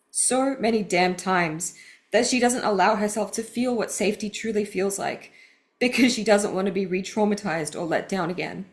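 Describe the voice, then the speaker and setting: A woman podcast host reading aloud from her own book with personal asides, earnest and vulnerable, her voice welling with grief. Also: fairly low pitch.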